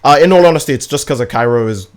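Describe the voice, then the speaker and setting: A man's voice: mid-range voice, racing. A young man streaming a game, chatting casually in a rambling, crude, joking way. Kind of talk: casual livestream chat while gaming.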